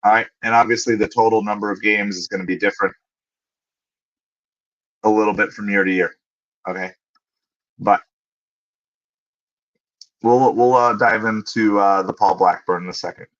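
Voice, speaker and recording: A man with a fairly low voice hosts a relaxed livestream, talking straight to his viewers and answering their questions. He thinks out loud and pauses with fillers while he checks things. The audio is a little dull and lo-fi. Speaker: livestream host.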